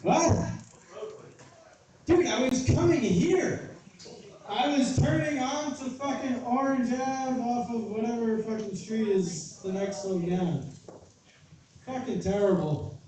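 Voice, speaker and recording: High, profane man telling a story. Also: takes it slowly, pauses often, mellow. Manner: profane, exasperated, acts out quoted voices. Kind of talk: casual storytelling. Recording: roomy echo from far off with faint noise.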